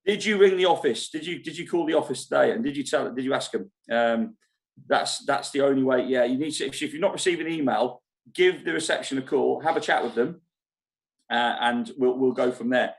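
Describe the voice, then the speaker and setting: Man, live-stream host, casual chat, rambling, quick to laugh, mid pitch, club foyer. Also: vocal fry. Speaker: show host at a holiday park. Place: foyer of a holiday park club.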